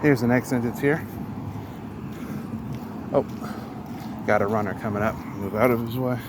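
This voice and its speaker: A man vlogs as he walks along an outdoor path, learning a language and casually explaining foreign phrases. He sounds a bit hesitant and pronounces words carefully, his mid-range voice moving at a moderate pace over a noisy background.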